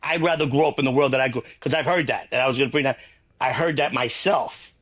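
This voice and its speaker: A man's voice: medium pitch, fast talker, a bit bright, slightly rough. A man, a guest in a casual interview, talking bluntly in long, rambling runs and swearing freely. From New York.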